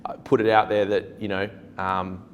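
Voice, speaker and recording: A man's voice: sits low, flat delivery, normal speed, slight background noise. Laid-back Australian man telling jokey stories. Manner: self-deprecating, jokey storyteller with many restarts. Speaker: real estate agency principal, guest. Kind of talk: casual podcast conversation.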